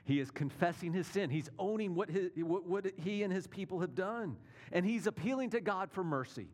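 A man preaching a sermon as pastor, in a conversational way that often checks in with listeners through rhetorical questions, swinging between emphatic and hushed delivery. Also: sits high, animated, normal speed.

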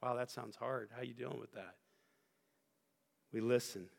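Man, pastor, sermon, gravelly voice, earnest, rising to emphatic peaks, echoing church hall, soft music. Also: mid-range voice, fairly even intonation, moderate pace. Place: church sanctuary.

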